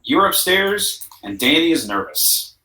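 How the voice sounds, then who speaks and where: A man running a tabletop game as game master, relaxed and laughing, with many fillers. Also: a little high, a little slow. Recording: echoey room.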